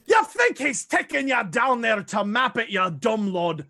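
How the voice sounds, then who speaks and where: A man's voice: extremely high pitch, sing-song, measured pace, gravelly, pushed and bright, no echo, studio quality, exaggerated voice. A man voicing a furious, bitter dwarf wife with a put-on Scottish accent in a tabletop game. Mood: scornful. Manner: bitter, snapping, scolding. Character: furious grieving dwarf wife, older woman.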